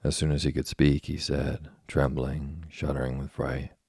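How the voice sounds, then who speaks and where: A man reading a classic children's story aloud as a slow, soft, monotone sleep story. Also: a bass voice, vocal fry, husky, dry recording, studio quality. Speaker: narrator. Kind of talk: scripted sleep story narration.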